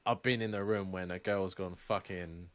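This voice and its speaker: A man's voice: low voice, fairly even intonation, moderate pace, fairly bright tone. A young man co-hosting a podcast, telling stories in casual, sweary chat and laughing often. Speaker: podcast co-host.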